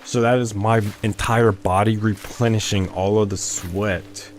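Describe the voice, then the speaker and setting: A man's voice: lowish voice, steady tone, a little slow, a little hiss or hum. A young man chatting casually with his stream while playing a game, rambling and often restarting his sentences. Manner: rambling, self-interrupting, chatty. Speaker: gaming streamer. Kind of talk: casual gameplay chat with chat.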